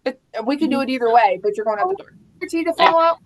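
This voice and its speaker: A woman in her thirties chatting casually about parenting, animated and laughing often as she acts out quotes. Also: sits high, quick pace. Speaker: guest mom. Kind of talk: casual chat.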